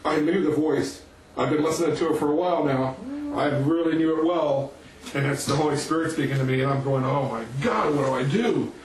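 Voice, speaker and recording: A man preaching, telling a story to his listeners in an animated way and chuckling between lines. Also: on the high side, a little fast. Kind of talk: sermon storytelling. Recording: echoey room, mic at a distance.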